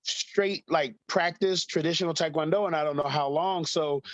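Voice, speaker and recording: A man's voice: fairly high pitch, normal speed, no echo. A man in his thirties, a guest talking casually in an interview, rambling with many fillers and frequent laughter. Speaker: guest, fighter.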